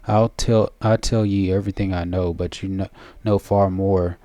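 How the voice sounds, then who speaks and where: A sly old crone, wheedling and mocking in a folksy way, as a man reads her lines from a video game. The voice sits low and mellow, and the recording is dry and close. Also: fairly even intonation, moderate pace, dry recording, natural voice. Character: cunning old hag, cackling and wheedling. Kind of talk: reading game dialogue aloud.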